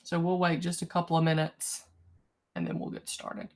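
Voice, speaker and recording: A young woman teacher, talking her class through steps on a video call in a relaxed, chatty way. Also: on the low side. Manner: relaxed, chatty, with slow stretched prompts. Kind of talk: online class instructions. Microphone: computer mic on a video call.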